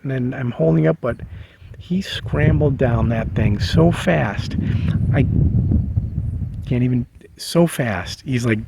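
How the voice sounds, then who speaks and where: A man casually telling a personal story, halting with many fillers and restarts. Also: medium pitch, gravelly, background noise. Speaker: vlogger sharing a memory. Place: living in a bus.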